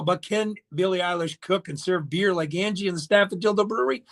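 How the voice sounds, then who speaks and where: A man hosting a casual radio chat show, animated and joking, reacting quickly to his guest. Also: high-pitched. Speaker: radio host. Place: radio studio.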